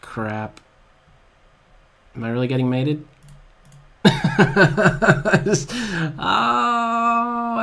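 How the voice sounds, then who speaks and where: Excitable chess streamer man, slow-talking. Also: high voice, gravelly, clean tone. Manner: excitable, groans and laughs at his own blunders. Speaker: chess commentator. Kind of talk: live game commentary.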